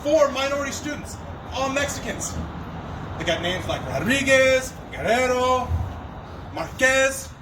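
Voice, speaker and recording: High-voiced young man doing stand-up. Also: lively intonation, unhurried. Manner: conversational, self-deprecating storytelling. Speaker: stand-up comedian. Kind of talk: stand-up set. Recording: distant mic with loud background noise.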